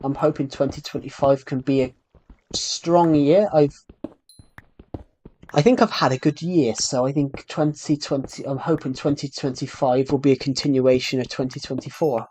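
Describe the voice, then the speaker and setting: A young man from the UK with a thick, strongly rhotic regional British accent, chatting casually on a gaming live stream and talking slowly on purpose, with many restarts. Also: medium pitch, fairly even intonation, darkish tone. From United Kingdom. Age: young adult. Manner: deliberately slow, many restarts. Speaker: game streamer.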